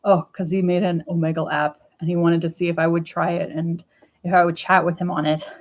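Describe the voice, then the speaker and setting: A woman's voice: fairly low pitch, little pitch movement, fairly quick. A woman recording a casual diary vlog at home, talking bluntly and with swearing as she retells a chat and vents about it. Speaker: vlogger. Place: at home indoors.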